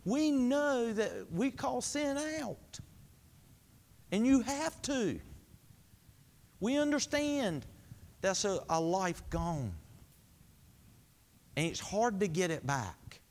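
A man preaches to his congregation in a high voice, asking questions and answering them himself. He swings between high, emphatic lines and low, quiet ones. His voice rings out with a long reverb from the hall around him. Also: very animated, takes it slowly, pauses often. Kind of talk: sermon.

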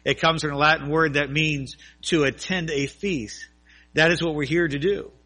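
A man's voice: on the high side, steady tone, moderate pace, pushed and bright. A male pastor preaching a sermon, telling an illustration with earnest, at times fervent emphasis.

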